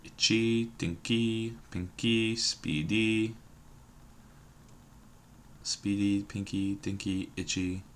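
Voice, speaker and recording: A man's voice: lowish voice, steady tone, extremely slow, long pauses. A man thinking aloud while solving a word puzzle at his computer, musing and hesitant, trailing off and repeating words to himself. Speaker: puzzle game streamer.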